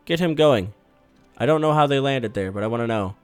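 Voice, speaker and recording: A man giving casual, swear-laced commentary while playing a strategy game, bursting out loudly when things go wrong. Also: on the low side, lively intonation, fast talker, no echo, faint music behind. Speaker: gaming YouTuber.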